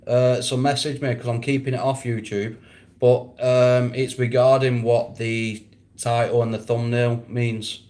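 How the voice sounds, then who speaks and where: A man's voice: medium pitch, a little mellow. A man chatting casually on a live stream, answering viewers, rambling and often breaking into laughter.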